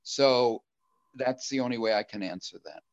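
An older man speaking earnestly and reflectively as a guest speaker, answering questions about his recovery in a halting way. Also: mid-range voice, lively intonation, no room sound. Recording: dull lo-fi recording.

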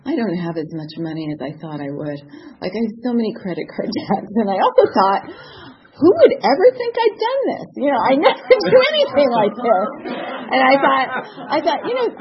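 Woman in her 50s telling a story about herself, laughing a lot, voice jumps all over, kinda muffled with a bit of hiss. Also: medium pitch. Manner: animated, laughing often, acting out voices in quotes. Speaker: speaker sharing a recovery story. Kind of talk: personal storytelling.

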